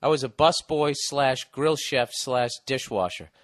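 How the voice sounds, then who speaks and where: A man's voice: medium pitch, measured pace, fairly bright tone, no room sound, studio quality. Middle-aged guy ranting on a podcast, swearing a ton, storytelling, casual. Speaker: podcast host reading listener advice letters.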